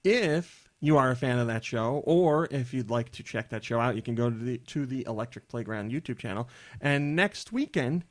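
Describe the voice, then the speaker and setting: Man, podcast host, casual chat, jokey, rambling, mid-pitched voice. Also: a little fast, hardly any pauses. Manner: chatty and jokey, rambling asides.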